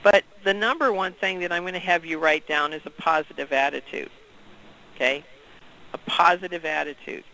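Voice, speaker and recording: Energetic, bright-voiced male trainer. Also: fairly high pitch, moderate pace, gravelly, poor audio. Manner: energetic, questions the group. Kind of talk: interactive training session.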